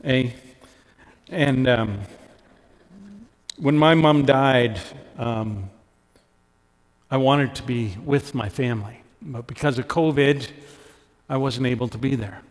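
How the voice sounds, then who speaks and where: A middle-aged Canadian pastor preaches earnestly, raising his voice for emphasis and going soft when things turn personal. His medium-pitched delivery is slow with frequent pauses, and long hall reverb fills the recording.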